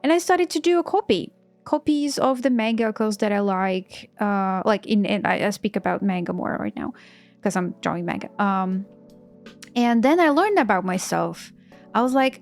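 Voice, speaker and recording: Woman, 30s, streaming artist, casual chat, enthusiastic, frequent restarts, mid-pitched voice, faint background music. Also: moderate pace. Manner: chatty, enthusiastic, frequent restarts in non-native English. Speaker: artist streaming while drawing.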